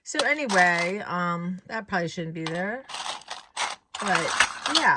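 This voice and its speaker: A woman's voice: fairly low pitch, lively intonation, slow pace, very noisy. A woman vlogging casually from her home, chatty and rambling, often saying "y'all". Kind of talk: casual chat. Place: home, indoors.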